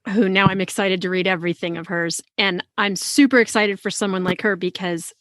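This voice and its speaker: A woman hosting a book podcast, articulate and expressive as she asks her guest questions. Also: mid-range voice, fairly quick, dry recording. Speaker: podcast host. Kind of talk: casual conversational interview.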